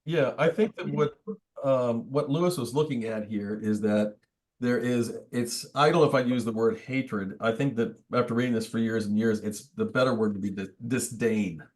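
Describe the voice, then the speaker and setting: A man's voice: medium pitch, normal speed, a little mellow. A man, a priest, teaching a book study group in a conversational, thoughtful way with wry asides. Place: church meeting room.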